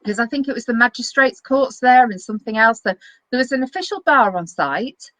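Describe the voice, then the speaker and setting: A middle-aged woman, hosting a casual chat and telling lively stories with frequent laughter. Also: fairly high pitch, brisk, no room sound, low-quality recording. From northern England. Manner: lively storyteller, laughs often. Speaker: web TV host.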